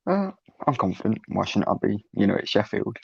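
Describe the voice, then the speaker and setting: A man's voice: fairly low pitch, big pitch swings, a little fast, creaky, darkish tone, slightly rough, no echo. A man who is a fan guest on a call, answering briefly and matter-of-factly. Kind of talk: casual chat. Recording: dull lo-fi dry call audio.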